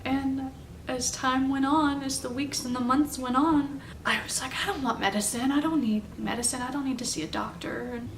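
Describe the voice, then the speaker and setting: A young woman telling a personal story in a halting, confessional way, at home. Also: high voice, fairly even intonation, distant mic. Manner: halting, confessional, soft-spoken. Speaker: vlogger telling her story. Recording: roomy, off-mic, faint background noise.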